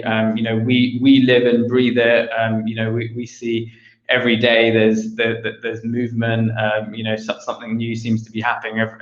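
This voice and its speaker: A man's voice: medium pitch, fairly bright tone. A man giving an online conference presentation, hesitant with many fillers and restarts, on a video call mic with roomy, dull audio. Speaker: conference speaker.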